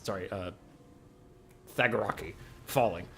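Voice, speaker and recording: A man's voice: lowish voice, unhurried, crowd noise, pitched below the performer's own voice, natural voice. A man doing a boastful dwarf warrior. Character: gruff boastful male dwarf warrior in a joke.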